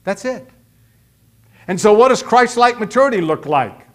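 Male pastor, middle-aged, higher voice, folksy emphatic pulpit delivery with acted asides. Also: lively intonation, moderate pace, a bit bright. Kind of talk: sermon.

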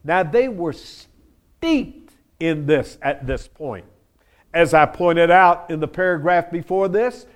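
A middle-aged male pastor preaching an expository sermon, acting out the verses he quotes with lively emphasis. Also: on the high side.

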